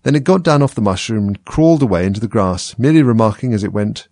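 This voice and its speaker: A man reading a storybook aloud in a measured, expressive way. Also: fairly low pitch, dry recording. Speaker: reader.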